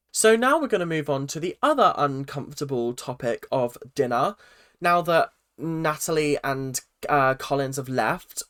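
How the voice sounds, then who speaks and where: A blunt, opinionated vlogger who gives reality TV commentary in an emphatic ranting style. The voice sits at a middling pitch. It is recorded close and dry, with no room sound. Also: a bit bright, dry recording. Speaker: reaction vlogger.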